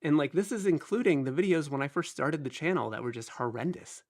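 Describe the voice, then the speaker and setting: Talking a little fast in a voice on the high side and slightly nasal, a man in his thirties hosts a casual live stream. He rambles chattily while greeting viewers, frequently joking at his own expense.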